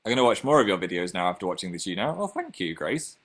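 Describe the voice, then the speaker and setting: A man's voice: sits low, very animated, quick pace. A young man with a Northern English accent, casually chatting on his own livestream and reading out viewer comments in a chatty, self-mocking way. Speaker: livestream host.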